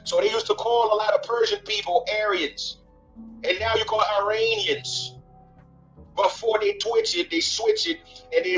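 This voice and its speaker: A man's voice: high voice, a bit bright, muffled recording. A man hosting a casual reaction show, giving blunt, preachy commentary and swearing freely. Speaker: host.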